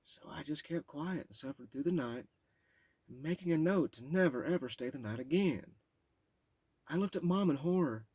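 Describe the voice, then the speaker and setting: A husky, low-pitched man reads aloud from his own memoir. His delivery is blunt and profane, and he stumbles and breaks off when the memories get to him. The recording is close and dry. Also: animated, a little mellow, dry recording. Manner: raw, profane, halting when overcome. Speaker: memoir author reading aloud. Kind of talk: reading his memoir aloud with emotional asides.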